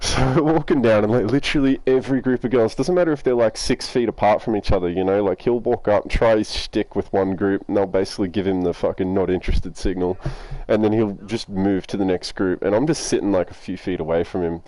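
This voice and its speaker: Laid-back Australian guy, low voice. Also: fast talker, warm tone, no echo. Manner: rambling, laid-back, heavy swearing. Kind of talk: casual storytelling.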